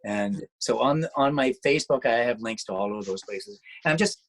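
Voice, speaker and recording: A man with an expressive mid-range voice speaks at a moderate pace in an interview about his music and radio work. He rambles casually, full of restarts and fillers, on a rough recording.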